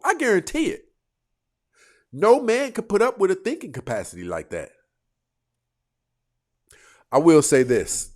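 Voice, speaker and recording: Animated man riffing on a livestream. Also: mid-range voice. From United States. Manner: animated, laughing, talks back to chat. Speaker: livestream host reacting to commenters. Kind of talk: casual livestream commentary.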